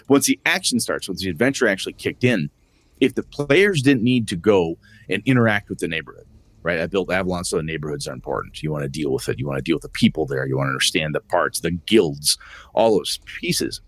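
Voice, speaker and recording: A man's voice: fairly quick, no room sound. A man co-hosting a tabletop gaming podcast, chatting casually and acting out quotes from his players. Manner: animated, acts out quotes with rising pitch. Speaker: podcast co-host and game master.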